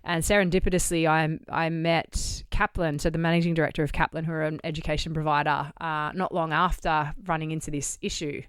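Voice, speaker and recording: A middle-aged Australian woman with a low, smooth voice tells a story as a podcast guest. She acts out each bit of dialogue and swears casually. The sound is dry and close. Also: level tone, fairly quick, hardly any pauses, no echo. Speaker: guest, charity founder. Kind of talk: conversational storytelling. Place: podcast studio.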